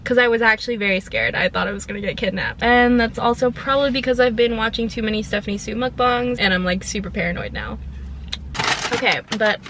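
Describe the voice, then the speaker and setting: A woman's voice: on the high side, fast talker, background noise. Chatty young woman vlogging in a car. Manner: chatty, animated retelling with quoted voices. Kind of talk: casual storytime vlog.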